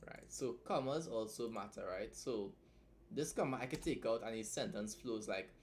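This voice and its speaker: This writing streamer sounds fairly low-pitched and keeps a moderate pace, with slight hiss or hum in the audio. He's a young guy teaching editing on a casual stream, tired from a late night, rambling loosely and tacking "right?" onto what he says.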